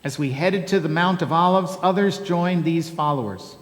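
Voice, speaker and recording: A man's voice: fairly high pitch, close to an everyday voice. A pastor reading as a humble, folksy male donkey. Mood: wry. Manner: folksy, wry asides, slow and homey. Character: humble plainspoken male donkey telling his story. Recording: echoey church hall.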